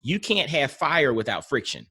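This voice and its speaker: A man's voice: medium pitch, big pitch swings, normal speed, sharp tone, slightly rough. Man in his thirties, podcast host, earnest, reflective, talks through analogies. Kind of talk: casual podcast interview.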